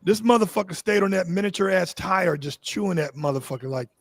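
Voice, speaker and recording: A man's voice: high-pitched, animated, brisk, a bit bright. A man hosting a casual chat about dogs, talking loosely with swearing and stumbling, repeated words. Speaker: host.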